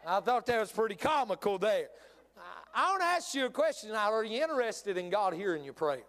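A man's voice: high-pitched, sing-song, fairly quick, fairly bright tone, in a large hall, some chatter behind. A middle-aged man preaching a sermon in a church, folksy and repetitive, with many "uh" fillers and sudden emphatic bursts. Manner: folksy, repeats phrases, frequent "uh" fillers, rising emphatic bursts. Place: church sanctuary.

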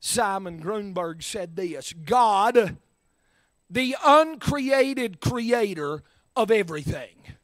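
A man preaching a sermon in church, sliding from low, easy talk up to shouted, drawn-out lines. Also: expressive, dry recording.

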